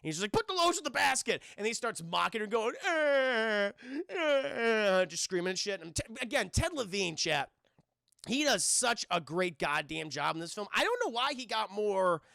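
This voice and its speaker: Young man streamer, casual film breakdown, profane and chatty, bright, gravelly voice, dry sound. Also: high voice, expressive, normal speed, no echo. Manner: profane, chatty, keeps addressing chat.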